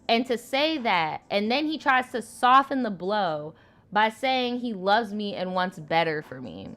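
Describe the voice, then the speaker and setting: A woman's voice: medium pitch, very animated, a little slow, fairly bright tone. A woman in her twenties reading viewer stories aloud and reacting to them in a blunt, profane, slangy way. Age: 20s. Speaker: host.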